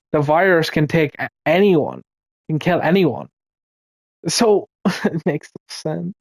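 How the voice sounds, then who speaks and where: A man's voice: a little high, big pitch swings, unhurried, pauses often, dry recording. A man giving casual, ranting commentary in a rambling way, swearing often and restarting his sentences. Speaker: video commentator.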